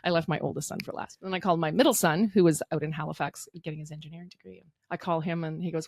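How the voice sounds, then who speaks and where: Animated woman in her fifties, dry sound. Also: low-pitched, rapid-fire, few pauses, dry recording. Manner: animated storyteller who acts out other people's lines, laughing often. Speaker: guest, mayoral candidate. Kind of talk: casual storytelling interview.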